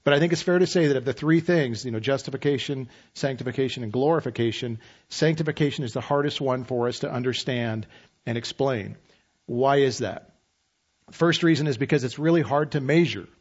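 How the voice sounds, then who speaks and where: A man in his fifties preaching a sermon as pastor, relaxed and conversational with self-deprecating humor. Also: medium pitch, a little fast, slightly rough, lo-fi sound.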